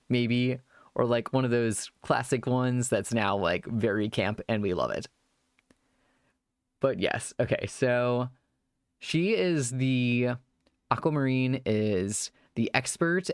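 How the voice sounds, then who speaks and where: Brief: rambling male streamer, lively voice with a gravelly edge, dry close sound. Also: medium pitch, dry recording. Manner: rambling, chatty, improvising; thanks viewers for follows. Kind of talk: casual live-stream chat.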